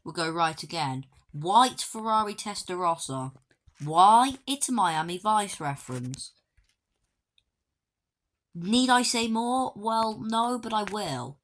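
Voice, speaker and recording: A woman's voice: medium pitch, expressive, slow. A woman giving a casual walkthrough commentary of a video game, with dry, offhand joking asides. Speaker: gaming video creator.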